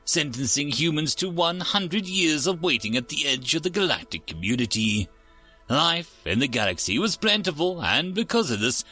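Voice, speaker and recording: A man reads science fiction stories aloud with a bright, lively voice. His pitch sits a little high and moves around a lot as he narrates. Faint music plays under him. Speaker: story narrator. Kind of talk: scripted sci-fi story narration.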